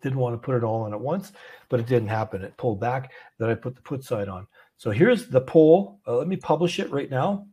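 A man's voice: medium pitch, animated, a little fast, dark tone, slightly rough. A man hosting a casual options trading call, talking through a trade and putting questions to his audience. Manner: conversational, many fillers, poses questions to audience. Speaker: trading community host.

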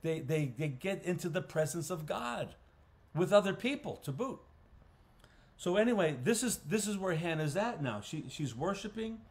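Pastor teaching a Bible study. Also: male voice, high voice, lively intonation, normal speed. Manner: conversational, frequent restarts and throat clearing. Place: church. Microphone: livestream recording.

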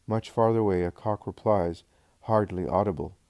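A man reading a devotional book aloud as narrator, calm and measured. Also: fairly low pitch, no room sound, lo-fi sound. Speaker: audiobook narrator.

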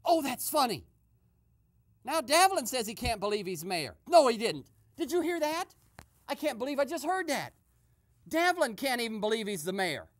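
A woman voicing an excitable male radio host who eavesdrops and gives gossipy running commentary full of exclamations. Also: a little high, normal speed. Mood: excited. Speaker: host and narrator. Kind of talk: comedic radio sketch narration.

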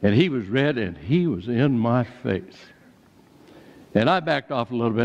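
An older man preaching a sermon, telling personal stories in a folksy way and becoming animated when he quotes others. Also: medium pitch, normal speed, vocal fry. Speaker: pastor. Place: church sanctuary. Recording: dull church recording with long reverb.

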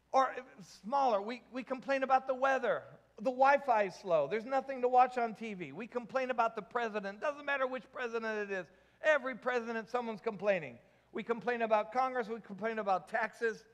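High-voiced male pastor in a reverberant hall. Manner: jokey, asks the congregation questions. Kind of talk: sermon.

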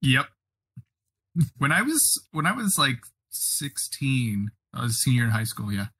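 A man co-hosting a podcast, telling a sports story in an animated, excitable way. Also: medium pitch, measured pace, breathy edge. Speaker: podcast co-host. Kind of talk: casual chat.

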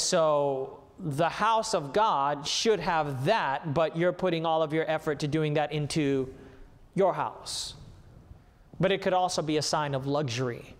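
Man, pastor, sermon, high voice, emphatic, long church reverb. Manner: emphatic, rising into raised voice when reading scripture. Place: church sanctuary.

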